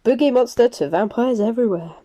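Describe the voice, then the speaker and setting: A woman's voice: on the high side, a little fast, dark tone, voice pushed up, close to an everyday voice. Woman doing a rowdy young werewolf guy. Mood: boisterous.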